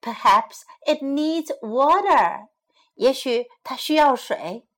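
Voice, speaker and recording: A kind, helpful policeman in a storybook, gentle and reassuring, read by a woman. The voice stays high and unhurried. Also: animated.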